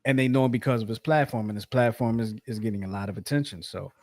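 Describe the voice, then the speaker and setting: A man's voice: mid-range voice, fast, a little mellow. A man co-hosting a sports podcast, chatting casually, rambling with many restarts and fillers. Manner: rambling, repeats himself, frequent fillers. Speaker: podcast co-host.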